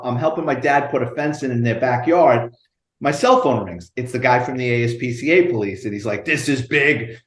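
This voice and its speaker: A retired police detective, telling profane, animated stories in an interview. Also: male voice, a little high, roomy sound. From United States. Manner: animated, profane storyteller acting out dialogue. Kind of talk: storytelling interview.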